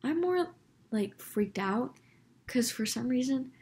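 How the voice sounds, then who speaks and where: A woman's voice: a little high, slow, slight background noise. A young woman vlogger, animatedly retelling a run-in with a neighbor in a casual storytime video. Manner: animated, dramatic retelling with quoted dialogue. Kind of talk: storytime vlog.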